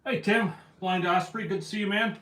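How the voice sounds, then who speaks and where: A man's voice: high-pitched, fairly even intonation, moderate pace, fairly bright tone. Chatty man hosting a fishing livestream. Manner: chatty, greeting viewers by name. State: a little out of breath. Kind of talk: casual livestream chat. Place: at home indoors. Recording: roomy echo.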